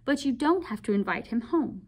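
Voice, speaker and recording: Stern middle-aged aunt, firm and clipped, fairly high voice, read by a woman. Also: lively intonation, moderate pace, a little mellow.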